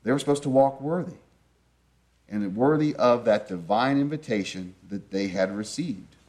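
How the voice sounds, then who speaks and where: A man's voice: mid-range voice, normal speed, darkish tone. A man preaching a sermon in an earnest, conversational teaching manner, often asking his listeners rhetorical questions.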